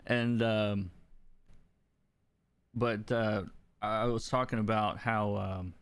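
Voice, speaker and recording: A man, a comic colorist, chatting casually on a livestream while he works, thinking aloud with many restarts and soft chuckles. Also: lowish voice, steady tone, slow pace, clean tone, dry recording. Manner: chuckles softly between remarks. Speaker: comic book colorist streaming his work.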